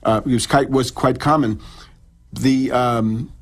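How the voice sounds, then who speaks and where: A man's voice: mid-range voice, steady tone, takes it slowly. A middle-aged man, an in-studio guest, lecturing on history in a radio interview, restarting and repeating words as he goes. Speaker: in-studio guest author and researcher.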